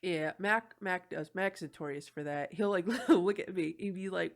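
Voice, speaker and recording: A woman's voice: lowish voice, normal speed. Woman podcast host, easygoing, laughs a lot, salty language. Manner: laughs often, swears casually. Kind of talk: casual chat.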